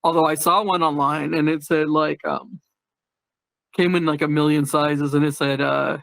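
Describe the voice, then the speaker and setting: A podcast host chatting casually with a guest, telling rambling stories and giggling between them. He sometimes bursts out with loud silly catchphrases. His voice sits a little high and sounds dry and close. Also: flat delivery, normal speed, vocal fry, dry recording. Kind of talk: casual chat.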